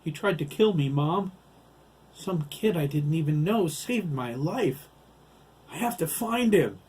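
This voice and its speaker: A man voicing a desperate teenage boy who shouts and pleads in fear and defiance. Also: fairly high pitch, animated, unhurried, breathy edge, pitched above the performer's own voice, full character voice.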